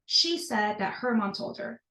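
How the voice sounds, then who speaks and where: Animated woman in an echoey room. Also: a little slow. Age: 30s. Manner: animated, leaps up in pitch when emphatic. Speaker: podcast guest. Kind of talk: personal storytelling in conversation.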